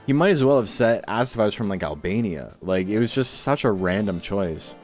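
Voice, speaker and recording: A man with a low voice chats loosely while hosting a game tournament stream, drifting between stories, swearing and laughing. Faint music plays quietly behind him. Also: animated, fairly quick. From Toronto, Canada. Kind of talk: casual chat between matches.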